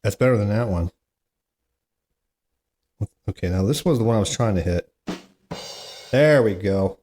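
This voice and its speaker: A man's voice: fairly low pitch, animated, unhurried, warm tone, soft background music. A man hosting a solo comedy podcast, reading corny jokes aloud with chatty, self-mocking asides and groans at how bad they are. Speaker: podcast host.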